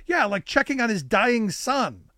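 A man co-hosting a political talk chat, sarcastic and animated, often repeating words as he starts a thought. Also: very high voice, a little slow, dry recording, clean studio sound. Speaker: podcast co-host.

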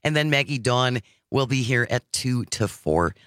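A man's voice: medium pitch, animated, unhurried, fairly bright tone, no echo, studio quality. A man hosting a talk radio show, chatting casually with his co-host and wrapping up with station promos. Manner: upbeat, wraps up with station promos. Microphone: studio microphone.

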